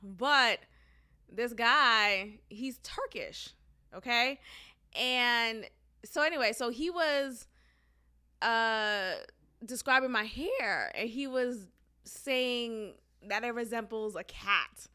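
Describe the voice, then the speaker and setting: A young woman telling a story on her podcast in a casual, animated way, acting out quotes and laughing often. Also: a little high, takes it slowly, smooth. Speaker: podcast host.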